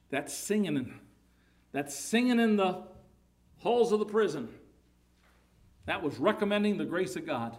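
A man's voice: fairly high pitch, a little mellow. A man preaching a sermon, emphatic, his voice rising and falling in volume, often repeating words.

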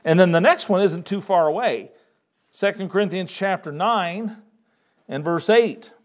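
A man with a fairly high voice delivers a sermon. He reads scripture slowly, leaning on key words. Between readings he talks in a relaxed, casual way. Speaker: preacher.

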